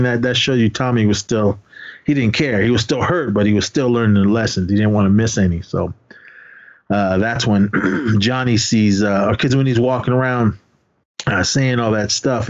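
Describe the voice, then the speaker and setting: A man's voice: mid-range voice, highs cut off. A man co-hosting a podcast, recapping films in casual chat with lots of fillers and quoted lines. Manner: rambling and hesitant, full of fillers, acting out film lines. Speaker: podcast co-host.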